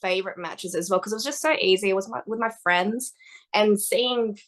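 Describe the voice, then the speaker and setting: A woman's voice: medium pitch, brisk. A woman, a wrestler chatting as a podcast guest in a bubbly way and laughing often. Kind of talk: casual interview chat.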